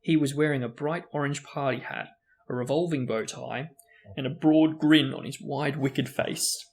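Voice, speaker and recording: A man reading a novel aloud as narrator, in steady storytelling narration. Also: mid-range voice, moderate pace, gravelly. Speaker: book reader.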